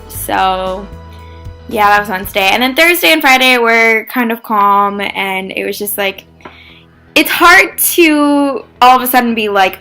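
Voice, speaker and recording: A young woman vlogging casually, chatty and animated, often saying "like" and acting out what people said. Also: fairly high pitch. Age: young adult. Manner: chatty, animated, says "like" often, acts out quotes. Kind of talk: casual vlog storytelling.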